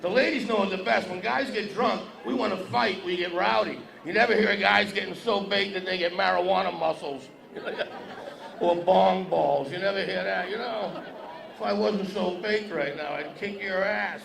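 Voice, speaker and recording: A man's voice: sits high, moderate pace, vocal fry, a bit bright. A man doing profane stand-up comedy, teasing the audience at a breakfast event. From Massachusetts. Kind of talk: stand-up with crowd work. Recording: echoey hall, distant mic, crowd noise.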